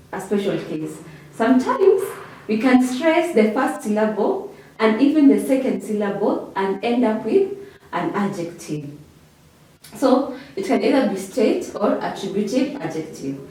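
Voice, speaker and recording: A woman's voice: on the high side, mellow, slight background noise. A woman teaching an English revision lesson. She talks patiently and repeats each word for pronunciation drills, often checking in with "okay?". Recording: echoey room, voice from a distance.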